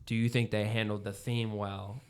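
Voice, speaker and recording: A man's voice: on the low side, little pitch movement, normal speed, a little mellow, smooth. A man co-hosting a film podcast, talking casually with many fillers and restarts. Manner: rambling, lots of fillers and restarts. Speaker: podcast co-host. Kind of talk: casual chat.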